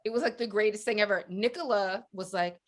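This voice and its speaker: A woman on a book panel telling an animated story, acting out the voices of her friends and laughing often. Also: mid-range voice, brisk. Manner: lively, acts out quoted voices, laughs often. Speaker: panelist author.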